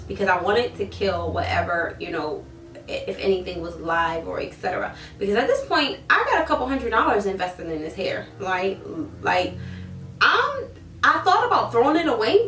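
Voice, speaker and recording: A woman in her thirties telling a story to camera in a casual, animated way, acting out her own reactions. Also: medium pitch, normal speed. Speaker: hair seller vlogger. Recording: roomy, mic at a distance.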